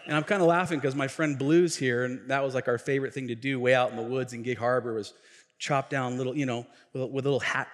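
A middle-aged male pastor telling a story in a sermon, chatty and animated, with restarts and asides. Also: mid-range voice, quick pace. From Tacoma, Washington. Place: church sanctuary. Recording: echoey church hall.

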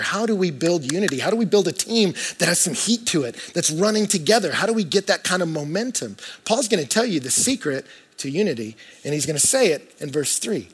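A man preaching a sermon to his church, talking conversationally and swinging between hushed and loud moments. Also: sits high, big pitch swings, brisk, slightly rough. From United States. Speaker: pastor.

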